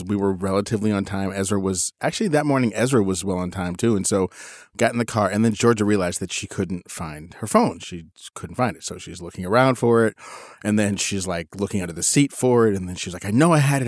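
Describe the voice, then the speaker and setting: Guy in his 40s chatting, lowish voice, dry close sound, jumps way up when he quotes his kids. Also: no room sound. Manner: animated, acts out quotes with big pitch jumps. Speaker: podcast co-host. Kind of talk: casual storytelling chat.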